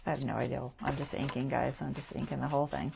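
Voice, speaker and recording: A woman hosting a crafting livestream, chatting as she works, thinking aloud, often trailing off softly and laughing at herself. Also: rumbling low, fairly even intonation, fast talker, gravelly, very noisy. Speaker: craft channel host. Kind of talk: casual crafting livestream chat.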